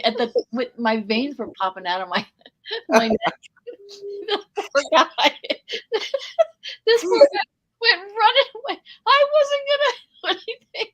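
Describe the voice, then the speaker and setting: Middle-aged lady on a video call telling wild stories, kinda high voice, laughing a lot. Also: moderate pace, low-quality recording. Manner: animated storyteller, laughs often. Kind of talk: casual group chat on video call.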